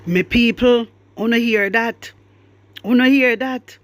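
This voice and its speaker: A woman's voice: a little high, takes it slowly. A Jamaican woman hosting her news commentary channel, chatting and scolding in patois.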